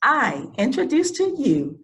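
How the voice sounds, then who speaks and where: A woman's voice: sits high, huge pitch swings, measured pace, fairly bright tone, low-quality recording. A woman hosting an interview, introducing her guest and affirming her with frequent okays. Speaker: interview host.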